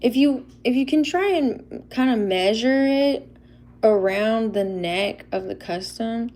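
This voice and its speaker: A woman's voice: on the high side, slow, darkish tone. A young woman, chatting casually and a little shyly on a livestream, laughing often as she shows handmade toy figures. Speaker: livestream host showing custom toy figures.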